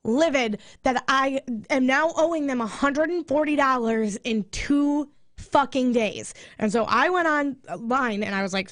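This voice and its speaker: A woman radio co-host ranting and swearing in casual chat, fired up and talking fast. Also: high-pitched, expressive, no room sound, clean studio sound. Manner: angry venting, swearing, rapid rants.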